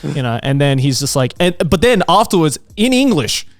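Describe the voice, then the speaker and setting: A man's voice: on the high side, normal speed, no echo, studio quality. A man, co-host of a podcast, casually telling a funny anecdote and laughing as he goes. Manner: lively, laughs through his anecdotes. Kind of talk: casual chat, storytelling.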